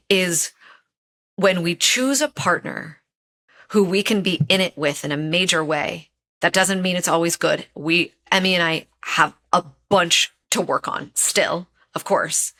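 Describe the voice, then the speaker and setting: A woman's voice: fairly low pitch, bright, forceful tone. A woman guest on a podcast, a relationship expert speaking earnestly and telling personal stories, repeating phrases for emphasis. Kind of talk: casual interview chat.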